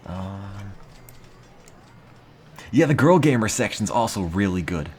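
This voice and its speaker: A man streaming casually, reading aloud with a dry, deadpan, self-mocking monotone. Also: lowish voice, slow, slight background noise. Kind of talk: casual live-stream chat.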